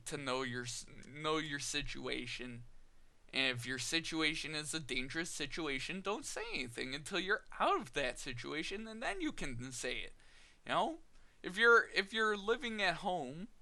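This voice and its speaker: Slow, gravelly man telling a story. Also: mid-range voice, pushed and bright. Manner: candid, chatty, laughs often while telling a story; acts out both sides of remembered dialogue. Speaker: vlogger. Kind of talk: casual personal storytelling.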